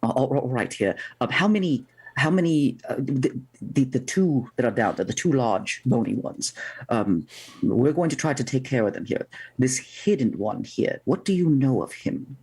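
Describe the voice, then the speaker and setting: A man playing a tabletop game as a player, talking in halting bursts and repeating words as he thinks. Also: medium pitch, lively intonation, darkish tone, breathy edge, low-quality recording.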